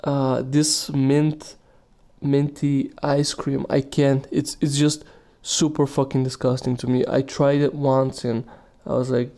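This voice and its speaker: A young man hosts his own podcast in a loose, meandering way, swearing constantly and chuckling at his own tangents. His voice is dark and mellow, sitting at an ordinary middle pitch for a man. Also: level tone, takes it slowly. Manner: profane, meandering, laughs at himself. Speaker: podcast host. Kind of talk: casual solo podcast rambling.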